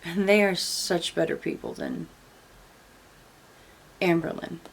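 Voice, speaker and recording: A woman's voice: fairly low pitch, wildly swooping pitch, slow pace, vocal fry, breathy edge. A woman giving casual reaction commentary, blunt and sarcastic, swearing freely. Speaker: commentary YouTuber.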